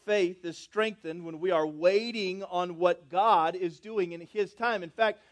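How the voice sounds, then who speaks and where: High-voiced man preaching with dramatic swings. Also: measured pace. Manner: swings between loud emphatic lines and soft low asides, drawing out key words; asks the congregation questions and calls for responses. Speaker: pastor. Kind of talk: sermon.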